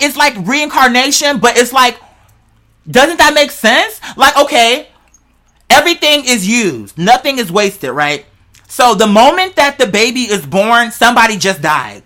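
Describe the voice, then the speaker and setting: A podcast host with a bright, forceful, slightly tense voice rambles through speculative theories in casual chat. The talk is slangy and profane, animated, and speaks straight to the listeners. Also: mid-range voice, a little slow.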